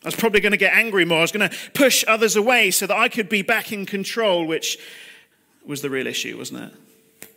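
A man in his thirties gives a sermon over a video call, his voice pitched high. He talks plainly and personally, confessing his own failings and asking his listeners questions. The tone is bright and forward. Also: expressive, brisk, gravelly. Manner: confessional, conversational preaching with rhetorical questions. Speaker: preacher. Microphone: computer mic on a video call.

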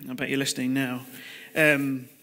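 Over a video call, a man in his thirties preaches a conversational, confessional sermon, posing rhetorical questions to his listeners through a computer mic. His mid-range voice is bright and forceful, with a level tone at normal speed.

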